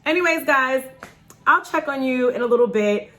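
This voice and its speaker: A woman's voice: moderate pace, soft background music. Chatty, joking woman in her thirties. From New York. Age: 30s. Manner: chatty and joking, lively swings in pitch. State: nervous before a dental procedure. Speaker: vlogger. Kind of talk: casual vlog talk to camera.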